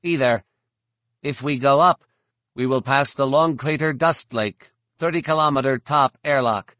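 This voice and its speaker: A man's voice: medium pitch, unhurried, fairly bright tone, dry recording, studio quality, pitched above the performer's own voice, natural voice. A man voicing a literal-minded male insectoid alien who speaks in an earnest, formal, oddly precise way.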